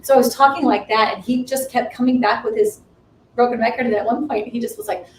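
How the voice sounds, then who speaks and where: Ministry co-host sharing testimony; slightly high pitch, recorded far from the mic in a roomy space. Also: female voice, steady tone, fast talker. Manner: earnest storytelling with frequent restarts. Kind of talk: personal testimony on a livestream. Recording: roomy distant livestream audio, faint noise.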